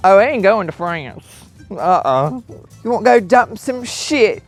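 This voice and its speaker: A man tends his farm animals outdoors, scolding and sweet-talking them in turn. His talk is sassy and full of cursing, delivered at an unhurried pace with big swoops in pitch. Faint music plays behind him. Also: animated, creaky. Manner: sassy, profane, theatrical asides to animals. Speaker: comedian doing farm chores.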